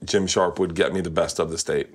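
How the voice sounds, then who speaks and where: A man in his forties hosts a casual conversation with a lowish voice. He spins stories at length, slipping into the voices of people he quotes. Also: steady tone, a little fast. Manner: storytelling, acts out quoted people. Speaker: podcast host. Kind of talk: casual chat.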